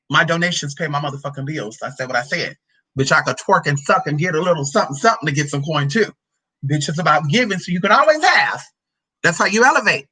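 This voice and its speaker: A sassy woman vlogger talks straight to her viewers, swearing freely and drawling "honey" and "girl." Her voice is bright and husky, and her pitch swings widely as she moves between chat and scripture reading. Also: poor audio. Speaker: spiritual reader answering a viewer's question. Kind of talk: casual vlog with scripture reading.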